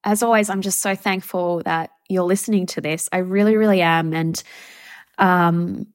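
A young woman hosting a solo podcast, reflecting in a soft, halting, heartfelt way as a mother. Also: lowish voice, fairly even intonation, dry recording, clean studio sound. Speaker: podcast host.

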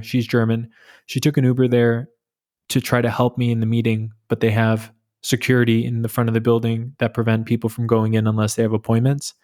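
A man in his thirties from New York with a New York accent, telling stories in a relaxed, joking way on his solo podcast. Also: mid-range voice. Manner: relaxed, joking, storytelling with fillers. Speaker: podcast host. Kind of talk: casual solo podcast monologue.

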